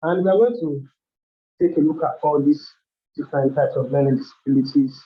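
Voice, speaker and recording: A man's voice: a little high, fairly quick. A man hosting a workshop, explaining topics step by step in a loose way with frequent restarts. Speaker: workshop host. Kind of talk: educational talk. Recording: dull lo-fi sound.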